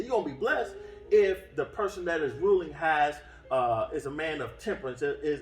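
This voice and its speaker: A man preaching a sermon in an earnest way, often restarting his phrases, heard from some distance in a roomy space with faint music behind. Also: medium pitch. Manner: earnest, with frequent restarts and fillers. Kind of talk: sermon teaching. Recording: roomy echo from off-mic.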